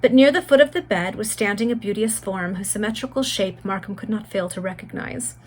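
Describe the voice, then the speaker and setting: A woman reading a Victorian novel aloud, narrating in a steady, measured way. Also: medium pitch, rough recording. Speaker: reader.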